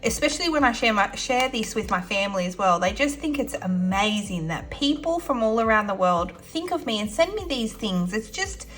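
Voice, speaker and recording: A woman's voice: fairly high pitch, expressive, normal speed, few pauses, a bit bright. An Australian woman vlogging casually to camera, chatty and effusive, giggling and talking while she eats snacks. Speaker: budgeting vlogger.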